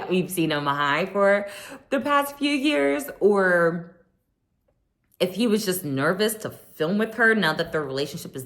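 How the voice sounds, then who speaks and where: A chatty woman talks to her viewers in a casual recap of a reality show. Her voice sits a little low for a woman, and she speaks close to the mic. She is sassy and acts out the quotes as she goes. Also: a bit bright.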